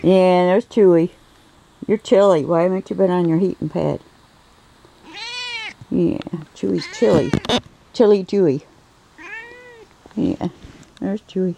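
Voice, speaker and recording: With vocal fry and a lowish, dark voice, this woman speaks unhurriedly and pauses often as she films her pets by handheld camera at night, cooing and scolding in a sing-song way before talking to viewers. The rough recording carries slight background noise.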